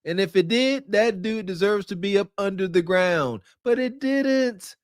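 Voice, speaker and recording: A male podcast host ribs and picks apart a clip with incredulous, laughing commentary. His voice sits a little high. The sound is dry and close, with no room around it. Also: animated, dry recording. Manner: teasing, incredulous, quick to laugh. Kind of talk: mocking reaction commentary.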